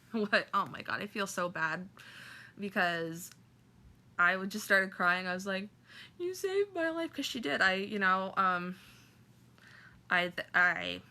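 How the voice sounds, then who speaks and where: A woman vlogger telling a personal story to camera, halting and emotional, with many fillers and restarts. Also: on the low side, pushed and bright.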